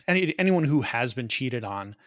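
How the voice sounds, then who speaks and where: A man co-hosting a podcast, rambling through a movie plot with quick asides and laughs. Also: mid-range voice, sing-song, dry recording, studio quality. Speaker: podcast co-host. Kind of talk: casual movie review chat.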